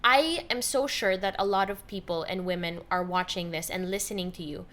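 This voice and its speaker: A woman with a Filipino accent hosting a podcast interview, lively and mixing English with Tagalog. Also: lowish voice, normal speed. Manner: animated, switching between English and Tagalog. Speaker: podcast host. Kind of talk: conversational interview.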